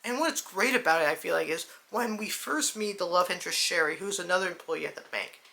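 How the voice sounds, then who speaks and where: A woman chatting excitedly in a casual movie review vlog, calling her viewers "dude" and "guys". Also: lowish voice, a little fast, vocal fry.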